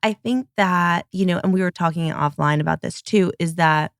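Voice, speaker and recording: A woman hosting a podcast interview, speaking effusively and warmly about her guest. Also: fairly low pitch, moderate pace, clear, resonant tone, no echo, studio quality. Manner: effusive, gushing. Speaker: podcast host. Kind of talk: conversational interview.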